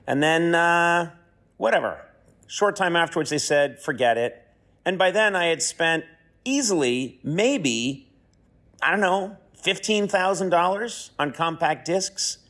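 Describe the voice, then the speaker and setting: Male comic, mid-pitched, rambling self-deprecating monologue. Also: fairly bright tone. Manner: rambling, self-mocking, talks himself into doubt. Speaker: celebrity guest sending a recorded question. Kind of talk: comedic monologue.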